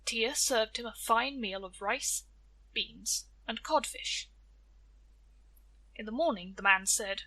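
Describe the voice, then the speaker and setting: Bright-voiced woman telling a folk tale. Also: fairly high pitch, slow, pauses often, rough recording. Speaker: storyteller. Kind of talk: storybook narration.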